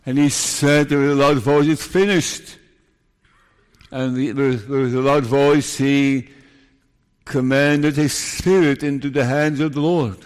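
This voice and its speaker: A man preaching a sermon, moving from hushed, solemn passages to emphatic rises. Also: medium pitch, fairly even intonation, slow, smooth. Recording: long hall reverb.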